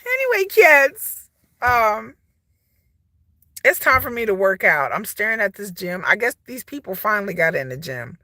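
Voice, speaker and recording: A woman's voice: medium pitch, animated, normal speed, bright, forceful tone, no echo, clean studio sound. A woman in her forties chatting casually to camera as a vlogger, rambling, laughing often and mimicking people. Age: 40s.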